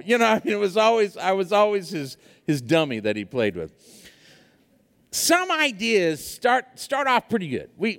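Man preaching, chatty and animated, lively pitch, reverberant hall. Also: moderate pace. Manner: animated storytelling with many fillers. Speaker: pastor. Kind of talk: sermon.

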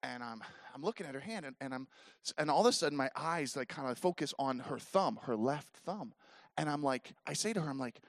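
A man in his forties telling a story to a live audience at an event, animated and acting out the voices of the people in it. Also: medium pitch, fairly quick, gravelly, no echo, studio quality. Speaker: speaker at a youth leader event.

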